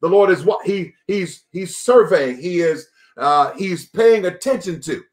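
Man, pastor, devotional sermon, slightly higher-pitched voice, loops back over his phrases with lots of filler words. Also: expressive, unhurried. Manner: repeats phrases, many fillers and restarts.

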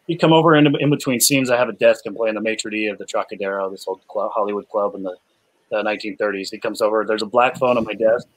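A man, an actor guest, casually telling lively anecdotes from a film set with many fillers and restarts. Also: lowish voice, fast talker, low-quality recording. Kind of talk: casual chat, animated anecdotes.

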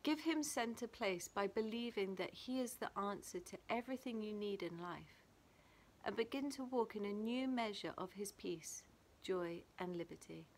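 A woman from England giving a gentle, reflective daily devotional, reading a passage and a prayer and adding her own thoughts. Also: medium pitch, normal speed. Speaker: church devotional leader. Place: small garden playhouse. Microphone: camera video.

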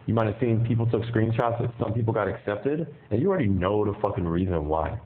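A man's voice: lowish voice, fast, few pauses. A man calling from jail on a tinny phone line, talking in a profane, aggressive and threatening way. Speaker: inmate on a jail call. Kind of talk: heated phone argument.

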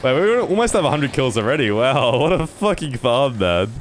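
A man's voice: mid-range voice, very animated, moderate pace, slight background noise. A man giving casual gameplay commentary, laughing, swearing and bantering. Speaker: gaming streamer.

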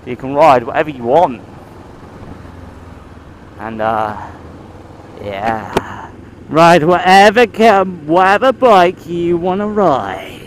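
Sweary biker rambling on a ride. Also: male voice, medium pitch, slight background noise, rough recording. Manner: rambling, sweary, talks to himself and his bike. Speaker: motovlogger. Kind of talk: casual motovlog chat while riding. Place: outdoors on a motorcycle in town.

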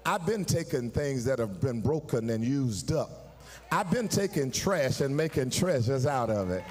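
Preaching pastor. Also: male voice, mid-range voice, animated, measured pace. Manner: preaching with call and response, rising to sung, shouted peaks. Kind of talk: sermon. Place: church sanctuary. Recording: live in a church hall, long reverb.

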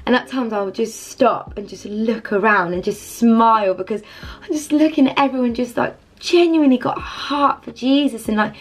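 Young woman vlogger, light high voice, effusive, loose casual chat. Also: moderate pace. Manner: effusive, rambling, heavy use of "like". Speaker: Christian vlogger.

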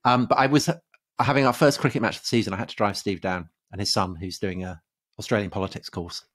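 An English man hosts a casual history podcast, talking fast in a lowish, fairly bright voice with fairly even intonation. He's a chatty storyteller who laughs often and uses many fillers.

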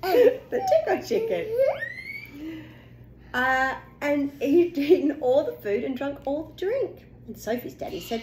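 Woman reading a picture book aloud, playful, high, lively voice, echoey room, faint background noise. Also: takes it slowly. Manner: playful, gasping, laughing, very animated. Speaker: parent reading to a child.

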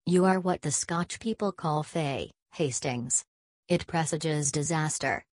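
A woman's voice: low-pitched, takes it slowly, dry recording, clean studio sound. A woman reading as Hercule Poirot, lofty and precise. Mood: grave. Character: fussy, self-assured male Belgian detective, middle-aged. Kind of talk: audiobook character reading.

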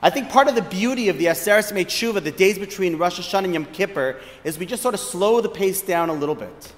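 A man giving a reflective sermon as a rabbi, measured and thoughtful, posing questions. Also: high voice, lively intonation, big-room sound. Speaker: rabbi giving a short lecture.

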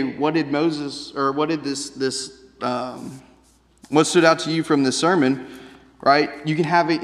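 A man giving a sermon in a relaxed, conversational manner and often tossing in "right?". His voice sits at an ordinary middle pitch. It carries a long echo through a church hall. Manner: conversational, keeps asking "right?". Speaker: preacher. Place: church sanctuary.

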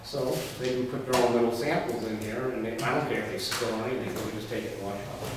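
A middle-aged man teaching a veterinary technology class, telling folksy, colloquial anecdotes in an animated way. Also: medium pitch, quick pace. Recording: echoey hall, voice from far off, faint noise.

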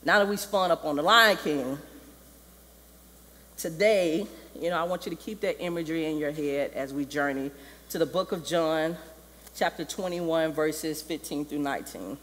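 A man with a high voice gives a sermon in a church, speaking casually and filling his retelling with "like". His voice rings out with a long hall reverb. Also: normal speed, a bit bright. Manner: casual storytelling, heavy use of "like". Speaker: preacher. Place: church sanctuary.

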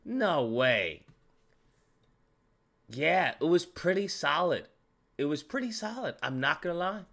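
An animated man rants about a movie in a casual, slangy way, repeating himself and tossing in "bro" again and again. His voice sits a little high and sounds bright and forceful, and his pitch swings widely as he talks. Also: moderate pace, creaky. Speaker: movie reviewer. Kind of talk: casual movie review rant.

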